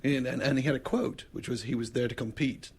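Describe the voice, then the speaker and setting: A man's voice: mid-range voice, a little fast, slight background noise. A man casually telling an anecdote as a podcast guest, acting out the voices of the people in his story. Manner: lively storyteller who acts out the other people in his story.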